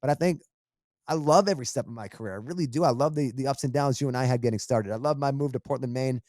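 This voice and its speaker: A man's voice: mid-range voice, fast, darkish tone, dry recording, clean studio sound. A middle-aged man, a radio host, telling his career story in a casual, earnest and emphatic way. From Boston area. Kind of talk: casual interview talk.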